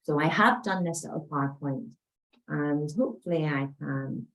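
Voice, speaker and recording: A middle-aged woman with a notably low, deep voice tells a story in a relaxed, chatty way. She slips into the dialogue of the people she is quoting, keeping her tone warm and conversational. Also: normal speed, low-quality recording. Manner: chatty, anecdotal, acts out dialogue with gentle warmth. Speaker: spiritual medium and coach. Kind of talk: storytelling talk to an audience.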